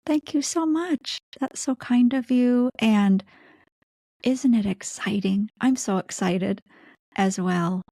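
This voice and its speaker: A woman's voice: fairly high pitch, slow, warm tone, no room sound, studio quality. A woman from the United States hosting a podcast, upbeat and encouraging. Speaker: podcast host. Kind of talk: interview and scripted announcement.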